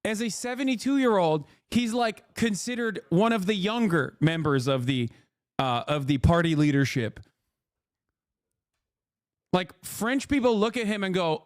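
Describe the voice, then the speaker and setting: Joking profane streamer, crisp voice. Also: male voice, sits high, moderate pace, no echo, clean studio sound. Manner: rambling, profane, joking riffs. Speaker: streamer host. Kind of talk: live-stream reaction commentary.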